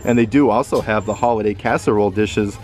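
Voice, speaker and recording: A man's voice: lowish voice, fast, darkish tone. Upbeat man touring a store. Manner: upbeat, enthusiastic, points out prices. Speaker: vlogger. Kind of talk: casual shopping vlog. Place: indoor retail store.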